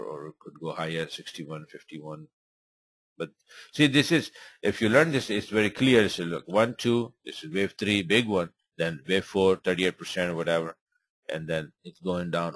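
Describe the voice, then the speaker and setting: Low-voiced man rambling over trading charts. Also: a bit bright, husky, dry recording. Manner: rambling and informal, many fillers. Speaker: forex trading webinar host. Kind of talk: live webinar chart commentary.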